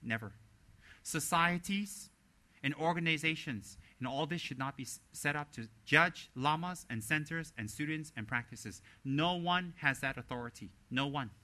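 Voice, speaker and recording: A man delivers a dharma teaching with a bright, forceful voice pitched a little high. As a Buddhist teacher he speaks emphatically and pushes his points with sarcasm and rhetorical questions. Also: moderate pace. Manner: lively and sarcastic.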